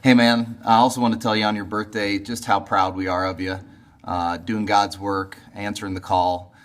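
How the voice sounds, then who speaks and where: Deep-voiced earnest man in his forties. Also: little pitch movement, moderate pace. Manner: earnest, encouraging. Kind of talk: birthday video message.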